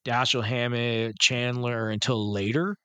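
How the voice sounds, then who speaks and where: A man's voice: medium pitch, level tone, a little slow, sharp tone, clear, resonant tone, dry recording. A man co-hosting a film podcast in casual chat, from Canada, rambling and swearing, often trailing off mid-thought. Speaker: podcast co-host.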